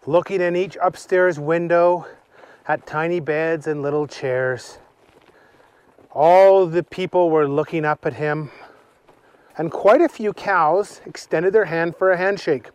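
A man telling an improvised children's story slowly while outdoors on a hike. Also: fairly high pitch, clear, resonant tone, no room sound. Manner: slow, unhurried storytelling.

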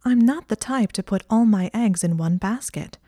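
A woman's voice: medium pitch, moderate pace, warm tone, no room sound, studio quality, pitched above the performer's own voice, close to an everyday voice. Woman voicing a clever, stubborn teen witch girl. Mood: defensive.

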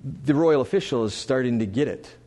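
A man preaching a sermon to a congregation, swinging between loud emphasis and quiet asides. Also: medium pitch, fairly quick. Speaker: pastor. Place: church sanctuary before a congregation.

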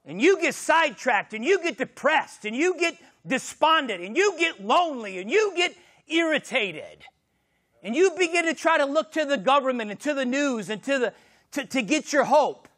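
High-voiced pastor guy preaching live, gets loud then goes real quiet. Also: big pitch swings, moderate pace. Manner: impassioned, swings from shouting to hushed. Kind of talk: sermon.

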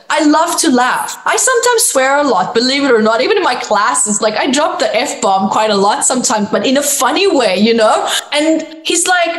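A woman being interviewed as an author, telling her story in a lively way and acting out her own inner dialogue. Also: high-pitched, brisk, few pauses, roomy sound.

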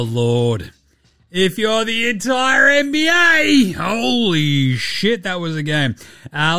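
A man's voice: sits high, a bit bright, dry recording. A man with an Australian accent hosting a casual sports podcast, joking, swearing and mocking. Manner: sweary, jokey, mocking impressions. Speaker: podcast host.

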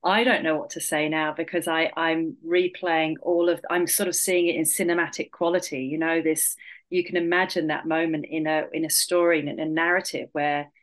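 A woman's voice: deep voice, level tone, normal speed. A woman hosting an interview, reflecting back what she heard in a thoughtful, word-searching way. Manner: thoughtful, searching for words, affirming. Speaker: host.

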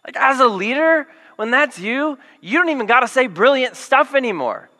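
A man preaching a sermon to a congregation, telling the story in a lively, jokey way and acting out the quotes. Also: extremely high pitch, moderate pace, in a large hall. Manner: animated, jokey storytelling with acted quotes and yelled lines. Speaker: pastor.

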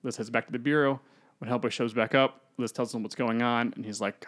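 A podcast co-host rambles through a film's plot in a casual show, acting out the characters as he goes. His mid-range voice is fairly bright, with fairly even intonation and a slightly fast pace.

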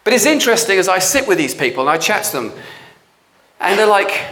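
A male preacher giving a blunt, animated sermon, acting out the voices of people he quotes. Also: high voice, a little fast.

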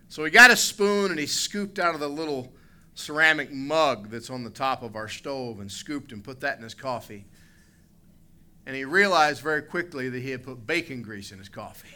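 Bright-voiced Southern pastor preaching. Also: male voice, a little high. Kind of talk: sermon.

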